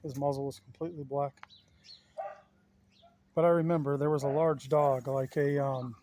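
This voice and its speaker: A man's voice: mid-range voice, level tone, normal speed, dark tone, slight background noise. A man chatting casually to his viewers while walking around his backyard, rambling and folksy. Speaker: yard vlogger. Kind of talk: casual walk-around chat. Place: outdoors in a backyard.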